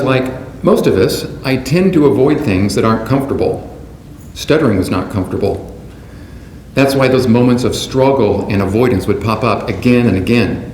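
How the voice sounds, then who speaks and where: A man delivering a prepared, measured keynote speech to a conference audience in a large hall. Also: mid-range voice, a little mellow. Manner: measured, deliberate delivery from a script. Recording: roomy hall sound with faint background noise.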